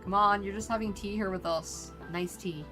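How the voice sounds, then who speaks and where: A woman's voice: medium pitch, steady tone, moderate pace, a bit bright, faint music behind, lightly acted. A woman voicing a brusque, impatient man who says he is broke. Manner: curt, brusque.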